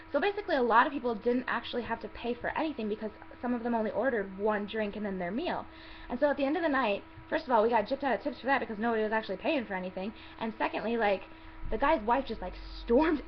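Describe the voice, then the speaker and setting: A young woman telling a story about her worst night as a waitress in a chatty, exasperated vlog style, swearing and acting out what people said. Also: on the high side. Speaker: vlogger telling a work story. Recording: slightly dull lo-fi audio with faint hiss.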